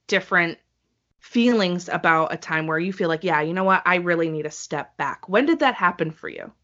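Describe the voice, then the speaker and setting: Animated chatty woman, lo-fi audio. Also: on the low side, brisk. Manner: chatty, animated storyteller who acts out quoted voices. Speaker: podcast co-host. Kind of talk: casual podcast chat. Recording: slightly dull lo-fi audio.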